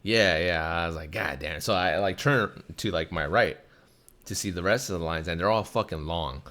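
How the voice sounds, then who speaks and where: This young man, hosting a podcast, speaks at normal speed in a low-sitting voice while narrating a casual story full of profanity. He's animated and acts out the people he mentions.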